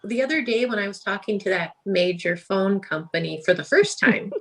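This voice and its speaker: A woman's voice: mid-range voice, normal speed, vocal fry. Laughing woman telling stories. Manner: laughs often, animated storytelling. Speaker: podcast guest. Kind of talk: casual chat.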